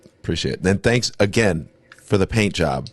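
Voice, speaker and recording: A man's voice: deep voice, expressive, moderate pace, no room sound. A man hosting a podcast, chatting casually and reacting with short exclamations. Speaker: podcast host. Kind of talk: casual interview chat.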